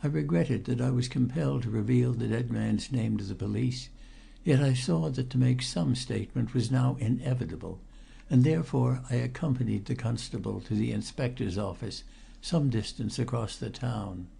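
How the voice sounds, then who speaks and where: A man narrating a first-person mystery audiobook in a measured, grave storytelling manner with a gravelly voice. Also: medium pitch, dark tone.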